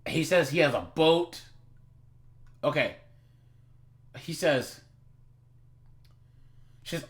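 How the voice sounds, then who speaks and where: A man's voice: fairly high pitch, slow pace, long pauses. A man giving chatty livestream commentary as he reacts to a video, often calling out to his viewers. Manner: animated, chatty, addresses viewers as guys.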